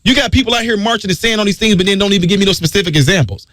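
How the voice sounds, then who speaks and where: Guy doing a talk radio rant, high voice, swings all over, dry close sound. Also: rapid-fire, a bit bright, no echo. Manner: emphatic, preachy, repeats key phrases.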